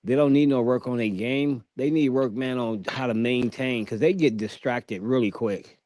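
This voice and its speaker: Brief: man, average pitch, earnest analytical basketball talk. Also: normal speed, a little mellow. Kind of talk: casual sports banter.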